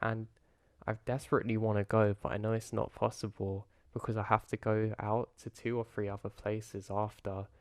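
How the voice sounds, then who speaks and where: A man calmly narrating a first-person horror story in a low-key way. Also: moderate pace, no room sound, studio quality. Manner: calm, low-key retelling.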